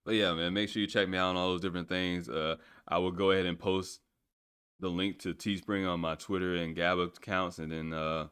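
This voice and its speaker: Male solo podcast host, very low voice, loose rambling delivery with casual swearing. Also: level tone, fairly quick, a bit bright, smooth.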